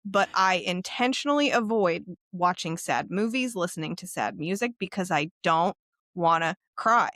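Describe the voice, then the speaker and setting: A woman's voice: on the low side, animated, moderate pace, a bit bright, no room sound, clean studio sound. A woman co-hosting a podcast in casual chat, candid and laughing often, swearing freely. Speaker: podcast co-host.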